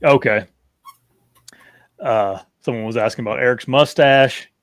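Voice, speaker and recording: A man's voice: medium pitch, unhurried, no echo, clean studio sound. Easygoing male podcast host. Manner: easygoing, short agreeing replies. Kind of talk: casual chat.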